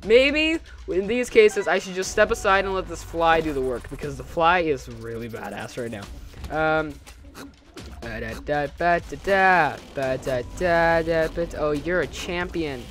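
A young man with a fairly high voice talks through a video game in a loose, rambling way. He corrects himself often and hums little tunes to himself, with faint music playing underneath. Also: animated, normal speed, a bit bright. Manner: rambling and self-correcting, humming and joking to himself. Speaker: gaming channel host. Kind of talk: casual let's-play commentary.

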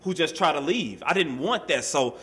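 A man's voice: a little high, normal speed. A man telling a personal story to an audience in a casual, street-style way, full of "you know" and "man", acting out the voices in it. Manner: animated, acts out quoted voices. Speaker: speaker sharing his life story at a workshop.

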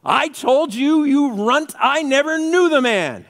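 A man voicing a brash, boastful disciple who blusters loudly and defiantly. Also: extremely high pitch, lively intonation, slow pace, pitched above the performer's own voice, full character voice. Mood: furious. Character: brash boastful male disciple, hot-headed. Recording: reverberant church hall.

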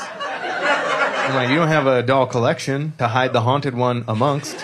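A man's voice: mid-range voice, expressive, unhurried, over a noisy crowd. A man telling a rambling comic story, laughing as he goes. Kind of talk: storytelling comedy bit.

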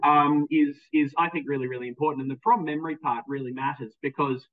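A man's voice: fairly high pitch, steady tone, fast. A male music teacher giving a recorded presentation, enthusiastic, with frequent ums and repeated words. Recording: tinny phone-like sound, distant mic.

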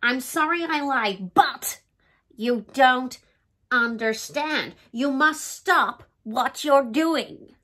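A woman's voice: high voice, expressive, drawn-out words, a bit bright. A woman reading a picture book aloud in a dramatic, pleading, playful way, as the host of a storytime channel.

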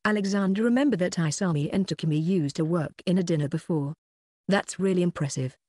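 An audiobook narrator working through a web novel in an even, unhurried reading. The voice sits mid-pitch and the recording is dry and close, with no room sound. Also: no echo.

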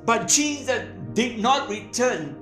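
A woman preaching a sermon in short, measured phrases, pausing for an interpreter. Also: a little high, expressive, echoey room, over music.

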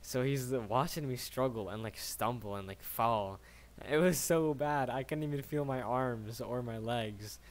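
A man's voice: mid-range voice, measured pace. A young man in his late teens telling a casual story, rambling and slangy, swearing often and tagging his sentences with "right?".

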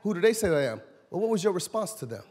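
Male pastor, high husky voice, preaching in a church with long reverb; loud shouted points, then hushed asides. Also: very animated, racing. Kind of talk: sermon. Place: church sanctuary.

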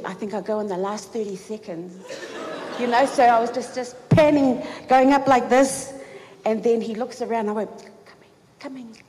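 A woman giving a eulogy at a funeral service, telling a personal story in an excited, giggly way. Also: a little high. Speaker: eulogy speaker. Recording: reverberant hall, faint background noise.

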